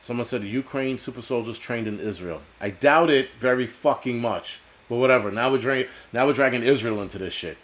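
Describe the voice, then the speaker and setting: Brief: blunt, cursing stream host, middle-pitched, rambling rant. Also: male voice, normal speed. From United States. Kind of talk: ranting live-stream talk reading chat.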